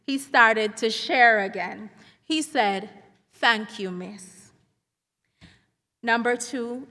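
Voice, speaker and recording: A middle-aged woman, a school counselor giving an earnest, measured symposium speech. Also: a little high, pushed and bright. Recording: reverberant hall sound.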